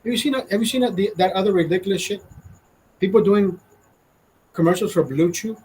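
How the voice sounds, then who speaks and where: Forties Honduran man with a raised, breathy voice and a profane, indignant ranting delivery. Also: sits high, fairly quick, darkish tone, poor audio. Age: 40s. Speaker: vlogger. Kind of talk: casual ranting monologue.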